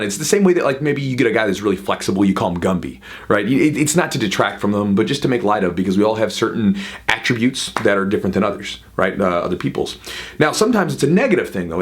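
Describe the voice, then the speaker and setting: A man in his thirties, a jiu-jitsu coach, talking casually to camera with quick asides and frequent "right?". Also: lowish voice. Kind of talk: casual advice talk to camera.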